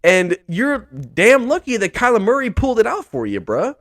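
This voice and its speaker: A man's voice: very high voice, wildly swooping pitch, normal speed, dry recording, clean studio sound. A young man hosting a sports podcast, ranting about football in a profane, exasperated way and repeating himself.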